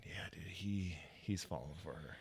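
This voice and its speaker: A young man with a lowish voice co-hosts a casual podcast. He rambles through his points with plenty of "like" and "you know", slipping into mock voices when he quotes people. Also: moderate pace, creaky, a little mellow, husky. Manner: rambling, lots of fillers, acts out quotes in a mock girly voice. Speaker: podcast co-host. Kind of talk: casual chat.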